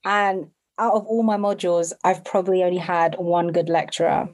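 A woman's voice: on the low side, level tone, normal speed, darkish tone. A young woman, a second-year student, complaining in frustration in casual chat. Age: young adult. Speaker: podcast guest.

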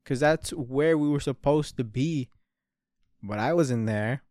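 A young man in his early twenties rambles through a story, full of swearing and "bro". His voice is clean and smooth, at an ordinary male pitch. It is recorded close and dry, with no room sound. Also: slow, darkish tone, dry recording. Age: 20s. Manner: rambling and profane, with frequent "bro" and "dude". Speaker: podcast host. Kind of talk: casual storytelling.

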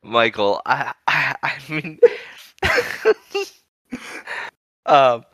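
Slow, clear-voiced laughing male co-host. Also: mid-range voice, lively intonation, pushed and bright, no echo. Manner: amused, stammering restarts, laughs often. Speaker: podcast co-host. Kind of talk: casual comedic chat.

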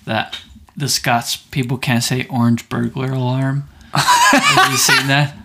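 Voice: medium pitch, huge pitch swings, takes it slowly, sharp tone, slightly rough. A podcast co-host in casual chat, teasing and laughing while asking for impressions. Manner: teasing, giggly, keeps egging on impressions.

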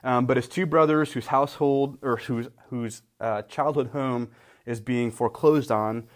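A man's voice: mid-range voice, fairly even intonation, unhurried. Rambling, wry man in movie chat. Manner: rambling with many fillers and restarts, wry teasing. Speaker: podcast co-host. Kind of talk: casual chat about favorite movies.

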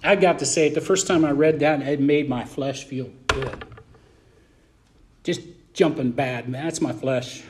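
A man preaching a verse-by-verse sermon as a pastor, talking in an animated, colloquial and emphatic way. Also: on the high side, unhurried, a little hiss or hum.

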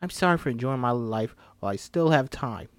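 A man's voice: medium pitch, animated, fairly quick, dry recording, natural voice. A man voicing a frustrated, hurt friend in his thirties who argues heatedly and pleads.

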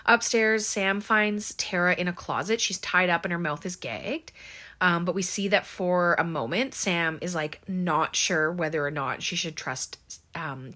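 A woman's voice: fairly low pitch, pushed and bright. A woman giving a casual, chatty spoken recap of a film, full of "um" and "like", who briefly acts out the characters' lines.

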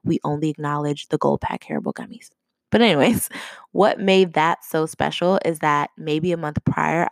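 A woman's voice: low voice, vocal fry, no room sound. A young woman hosting a podcast, talking chattily in a casual, conversational way and laughing often. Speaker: podcast host. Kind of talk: casual solo podcast talk.

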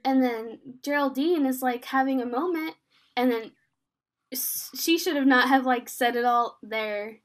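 A woman's voice: sits high, a little slow. A woman co-hosting a casual chat, animatedly retelling a TV episode and acting out quoted lines. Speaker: podcast co-host.

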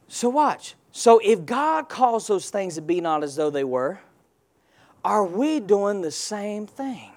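A man's voice: high voice, very animated, takes it slowly, darkish tone. A male pastor preaching a sermon, firing rhetorical questions and call-and-response prompts at his congregation.

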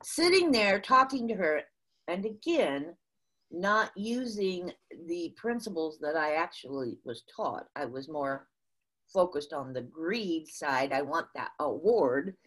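An older woman from the USA, a guest in an interview, telling a business story in an animated way with frequent restarts. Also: fairly low pitch, slow.

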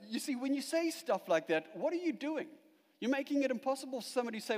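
A male pastor preaching a sermon, emphatic at the peaks and dropping quiet at the close. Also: extremely high pitch, sing-song, quick pace, in a large hall.

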